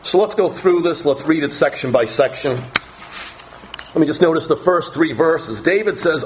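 A man's voice: on the high side, measured pace, a little hiss or hum, rough recording. A male pastor preaching a Bible-teaching sermon, reading verses aloud and stressing key phrases with strong emphasis.

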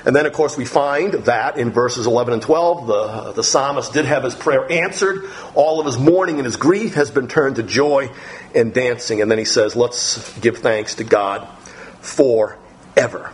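A man preaching a sermon on the Psalms, talking straight to his listeners and reading scripture slowly with emphasis. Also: mid-range voice. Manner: talks directly to listeners, thinks aloud. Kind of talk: sermon teaching through the Psalms.

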